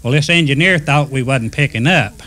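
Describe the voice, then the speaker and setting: A man's voice: medium pitch, brisk, pushed and bright. Folksy man spinning railroad yarns. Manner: folksy yarn-spinner, acts out quoted speech. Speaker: retired railroader telling stories. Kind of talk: casual storytelling.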